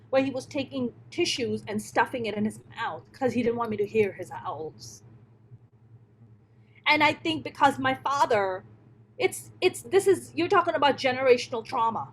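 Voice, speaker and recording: A woman with a notably high voice tells her story in an interview, blunt and forceful in her emphasis. She swears freely and talks like a stand-up comedian. A faint hiss sits under her voice. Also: poor audio.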